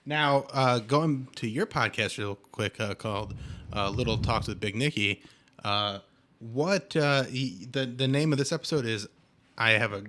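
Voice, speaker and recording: Brief: thirties male podcast host, mid-pitched, loose and rambling, casual chat. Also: unhurried, sharp tone. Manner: rambling, lots of fillers and restarts.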